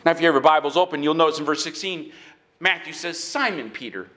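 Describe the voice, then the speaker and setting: A man preaching a sermon in an animated way, sometimes raising his voice and acting out quick bits of dialogue. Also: a little high, echoey room. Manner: animated preaching with bursts of shouting; acts out dialogue in quick asides. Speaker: pastor.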